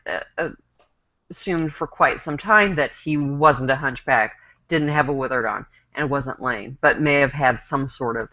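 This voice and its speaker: A woman on a casual online panel, explaining a topic in a wry, measured way over a video call. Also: deep voice, a bit bright, muffled recording.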